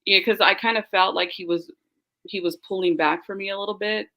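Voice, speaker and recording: A young woman in casual podcast chat, telling her story with animated quoted voices. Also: medium pitch, a little fast, low-quality recording. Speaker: guest.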